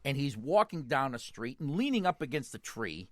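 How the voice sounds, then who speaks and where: Older man with a Boston accent, laughing radio host; bright, animated, dry studio. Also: medium pitch, normal speed, no echo. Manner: jokey storyteller, laughs often, repeats words. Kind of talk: radio call-in show banter.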